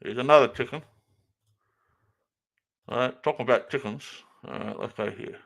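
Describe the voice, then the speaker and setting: A man's voice: mid-range voice, normal speed, vocal fry, fairly bright tone. A man casually rambling as he hosts a stream, repeating himself while he looks for the next clip. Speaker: streamer reacting to clips.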